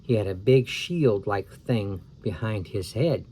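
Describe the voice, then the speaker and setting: A man's voice: fairly low pitch, expressive, a little slow, mellow, slight background noise. A man reading a chapter book aloud to children, breaking off for chatty asides that explain the story. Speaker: storybook reader.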